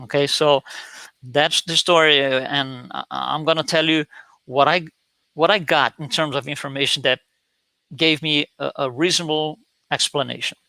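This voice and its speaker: Man giving a slide talk, bright tone. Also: a little high, fairly even intonation, normal speed, gravelly, no room sound. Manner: storytelling, frequent restarts and fillers. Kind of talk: lecture with slides.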